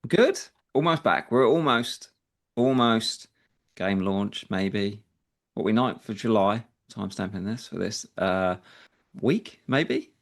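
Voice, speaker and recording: A man's voice: fairly low pitch, slow pace, gravelly. A man co-hosting a podcast, asking questions in a laid-back, casual way. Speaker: podcast co-host.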